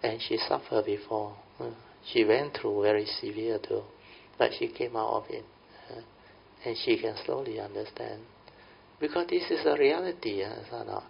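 A man's voice: medium pitch, moderate pace, creaky, slightly rough. A middle-aged man with a Malaysian English accent giving a folksy Buddhist Dhamma talk. He keeps checking in with his listeners by asking whether they understand. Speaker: Buddhist teacher. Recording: dull lo-fi recording.

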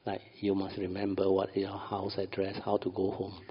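Man, low and gravelly, talking through meditation in a reverberant hall, chuckles a lot. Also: completely flat delivery, moderate pace. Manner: keeps asking "understand?", chuckles often. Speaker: meditation teacher. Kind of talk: informal dharma talk. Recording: dull audio in a long-reverb hall.

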